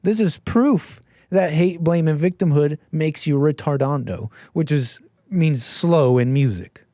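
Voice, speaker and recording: A man hosting a talk show, giving sarcastic, mocking commentary on a clip with animated asides. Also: fairly high pitch, measured pace, no room sound, studio quality. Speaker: show host.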